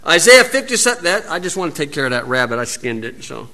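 A man's voice: a little high, sing-song, quick pace, pushed and bright. A man with an American accent giving an informal, folksy Bible teaching outdoors, wandering into asides and rising to emphatic preaching.

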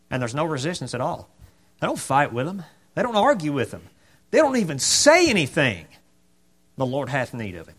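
Male preacher, slightly high, very animated; chatty sermon, acts out the voices in the story. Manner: conversational, rhetorical questions, acts out quotes. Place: church.

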